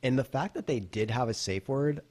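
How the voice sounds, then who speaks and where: A man's voice: mid-range voice, expressive, normal speed, darkish tone. A man co-hosting a podcast, chiming in casually and matter-of-factly correcting his partner. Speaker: podcast co-host. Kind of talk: casual chat.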